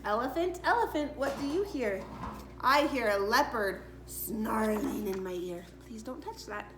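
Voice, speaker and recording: A woman's voice: on the high side, lively intonation, unhurried, reverberant. A woman reading picture books aloud to preschool children in a sing-song, playful way. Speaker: preschool story-time reader.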